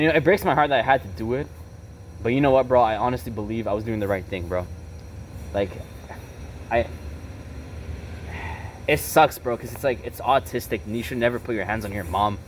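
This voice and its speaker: A man's voice: medium pitch, a bit bright. A young man with a mid-range voice, talking bluntly and casually in a confessional tone. He peppers nearly every sentence with "bro" and "right?" and swears freely. Faint traffic and street noise sit behind him outdoors. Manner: blunt and emotionally charged. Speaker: vlogger. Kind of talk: confessional storytelling.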